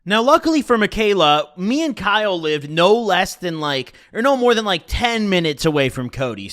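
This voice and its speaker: A man recounts a personal story in a casual, foul-mouthed way. His voice sits high and swings widely in pitch as he animates each beat. It is a loose, conversational storytime delivery. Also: a bit bright. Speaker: storytelling streamer.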